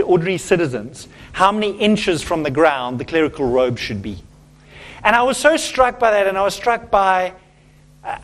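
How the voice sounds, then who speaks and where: A middle-aged man, a pastor, preaching a sermon in a church in an earnest, emphatic way, often restarting his phrases. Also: sits high.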